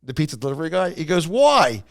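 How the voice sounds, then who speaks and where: Animated man telling a story. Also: a little high, a little fast. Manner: animated storyteller, acts out quoted voices. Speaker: podcast host. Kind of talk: casual storytelling chat.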